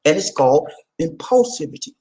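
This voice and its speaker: A man hosting a vlog, talking casually to his viewers in an animated, laughing, rhetorical way, repeating his points often. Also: fairly high pitch, brisk, rough recording. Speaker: vlog host.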